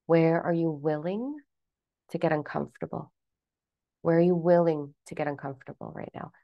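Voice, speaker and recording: A woman giving a blunt, animated motivational rant to camera as a self-help vlogger, swearing casually. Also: low-pitched, normal speed, vocal fry, no room sound, muffled recording.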